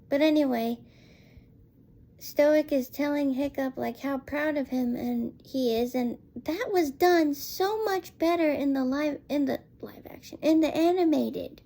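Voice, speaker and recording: A woman with a high voice rants her way through a casual film review at an unhurried pace. She rambles, sounds exasperated, and leans on "like" between thoughts. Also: dark tone. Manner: rambling and exasperated, heavy use of "like".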